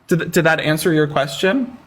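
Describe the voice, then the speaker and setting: A man hosts a live stream, arguing with callers and thanking viewers between rounds. His voice sits a little high and swings widely as he teases and mocks. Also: normal speed. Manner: sarcastic, taunting, animated. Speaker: livestream debate host. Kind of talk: casual live-stream chat and debate.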